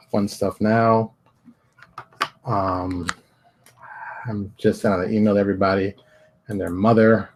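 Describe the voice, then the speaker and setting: A man's voice: lowish voice, a little hiss or hum. A middle-aged man hosting his own daily online show, chatting casually with joking asides and dramatic outbursts that drop into mutters. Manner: joking, theatrical asides, swings between loud outbursts and mutters. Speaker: show host.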